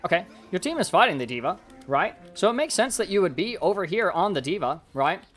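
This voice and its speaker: A somewhat high-voiced man coaches a player through recorded gameplay, talking things through out loud in a rambling, excitable way. Faint music plays underneath his voice. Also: brisk. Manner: excitable, rambling, thinks aloud. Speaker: game coach reviewing gameplay. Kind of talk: casual live-stream coaching commentary.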